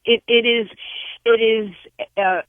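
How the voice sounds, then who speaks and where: A woman calling in to a radio show, gushing and excitable as she chats over the phone. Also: on the high side, slow pace, dry recording. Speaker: caller. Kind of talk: phone-in chat. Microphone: telephone. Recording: tinny phone line.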